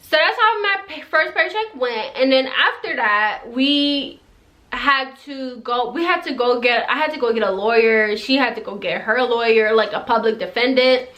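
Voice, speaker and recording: A woman's voice: a little high, animated, moderate pace, a bit bright. A young woman who moved to the US, chatting through a storytime, rambling and laughing as she goes. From immigrant to the US. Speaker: storytime vlogger. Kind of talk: casual storytelling.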